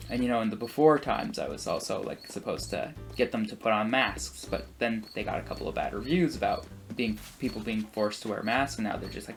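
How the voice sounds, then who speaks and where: A man's voice: mid-range voice, fairly quick, vocal fry, soft background music. A man chatting casually while playing a game, rambling through a story with chatty asides. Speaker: gaming video creator.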